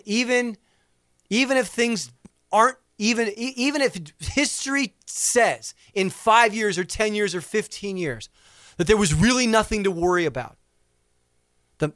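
A man giving an impassioned speech to an audience, swinging between loud fervor and hushed intensity. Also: high voice, expressive, a little slow, no echo, clean studio sound. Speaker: speaker addressing an audience.

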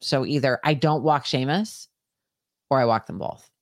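A woman co-hosting a podcast who tells stories in a loose, animated way and swears freely. She raises her voice when she acts out the scene. The recording is dry and close. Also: extremely low pitch, normal speed, dry recording. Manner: animated storytelling, heavy swearing, shouts when acting out scenes. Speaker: podcast co-host. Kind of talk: casual chat.

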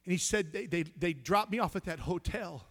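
A male pastor preaching a sermon, telling stories and swinging from hushed tones to loud, shouting climaxes. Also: sits high, lively intonation, moderate pace. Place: church sanctuary.

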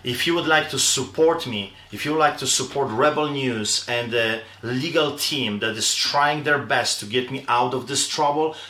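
A man's voice: medium pitch, normal speed, hardly any pauses, sharp tone, echoey room. A man, a pastor, making an urgent, pleading recorded appeal for help.

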